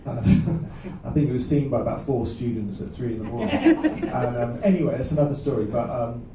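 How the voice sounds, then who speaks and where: A man's voice: medium pitch, very animated, crowd noise. Man chatting from a live stage. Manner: self-deprecating, halting, many restarts and laughs. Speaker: singer-songwriter performing live. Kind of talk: rambling between-song stage banter. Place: small live music venue. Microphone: stage vocal mic. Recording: roomy, distant audience recording.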